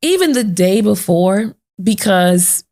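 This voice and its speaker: A woman's voice: mid-range voice, animated, slow pace, darkish tone. A woman hosting a podcast, telling an emotional personal story and acting out the voices of the people in it. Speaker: podcast host. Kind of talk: sit-down podcast conversation.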